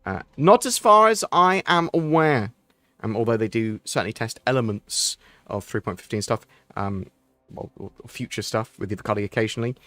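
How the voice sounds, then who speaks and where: A man's voice: mid-range voice, lively intonation, brisk, fairly bright tone, no echo. A man hosting a casual livestream Q&A, answering chat questions in a rambling, chatty way with frequent ums and restarts.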